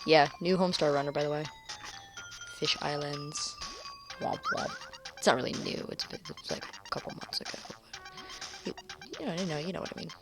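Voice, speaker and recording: A woman commenting on her own video game play, excitable and rambling, swearing loudly at the game. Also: deep voice, brisk. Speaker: gaming channel host. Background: video game music.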